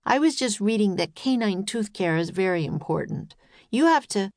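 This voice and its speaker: A woman's voice: medium pitch, animated, moderate pace, a little mellow, no echo, clean studio sound, natural voice. A woman reading a storybook voices a careful, bookish young boy, sensible and matter-of-fact.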